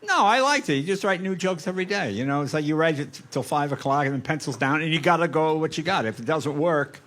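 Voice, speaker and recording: Older comedian, wry quick punchlines, bright highish voice all over the place. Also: male voice, lively intonation. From United States. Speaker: comedian guest. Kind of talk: casual talk-show chat.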